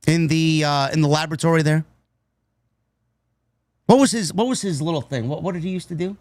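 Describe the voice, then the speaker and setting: A man's voice: on the high side, a little fast, pauses often, a little mellow, no echo, clean studio sound. A man reviewing a wrestling show in a casual, rambling way, swearing freely and drifting into tangents. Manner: profane, nostalgic, tangent-prone.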